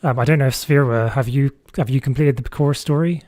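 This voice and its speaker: A man hosts a gaming livestream and chats with a co-player and his viewers. His talk is relaxed and full of fillers. The sound is close and dry. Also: medium pitch, fairly quick, no room sound. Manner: relaxed, chatty, reads chat aloud, frequent fillers. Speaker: streamer host. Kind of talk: casual gaming livestream chat.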